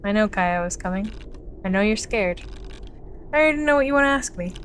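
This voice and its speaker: A woman's voice: mid-range voice, lively intonation, fairly quick, fairly bright tone, a little hiss or hum, natural voice. Woman doing a scornful proud sparrow. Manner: contemptuous, cutting. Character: proud bitter house sparrow, cold and scornful.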